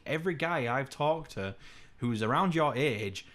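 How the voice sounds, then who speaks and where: A man's voice: expressive, a little slow, few pauses, fairly bright tone. A young man, co-hosting a podcast in casual, sweary chat and mimicking his father. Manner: swears freely, imitates his dad with raised pitch. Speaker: podcast co-host.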